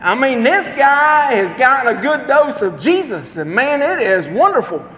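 A man preaching a sermon, telling a personal story in a folksy, earnest way with dramatic pauses. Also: extremely high pitch, very animated, a bit bright. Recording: long reverb, faint background noise.

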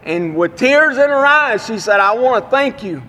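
Guy preaching, real high voice, folksy storyteller, long echo like a big church. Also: animated, normal speed, pushed and bright. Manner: folksy, plain-spoken storytelling. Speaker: traveling revival preacher. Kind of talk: sermon storytelling. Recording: long reverb of a large room.

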